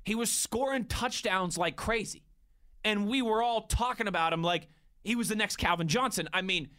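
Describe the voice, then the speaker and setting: A man's voice: sits high, normal speed, bright, forceful tone. A man co-hosting a casual sports radio show, joking around and breaking down players. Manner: joking, analytical, chuckles.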